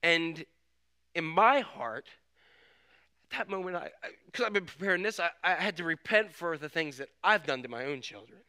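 A man preaching a relaxed, storytelling sermon, often restarting his sentences. His voice sits fairly high and sounds very bright and smooth. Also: moderate pace. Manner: conversational, storytelling, full of restarts. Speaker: pastor.

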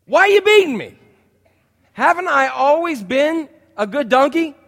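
A man voicing a meek talking donkey that pleads in a high, plaintive voice. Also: big pitch swings, measured pace, fairly bright tone, full character voice. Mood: pleading. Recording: long church-hall reverb.

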